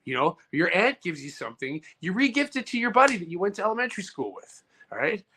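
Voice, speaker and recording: A man co-hosting a comedy podcast, arguing a mock debate in an animated, rambling, jokey way. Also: high voice, quick pace.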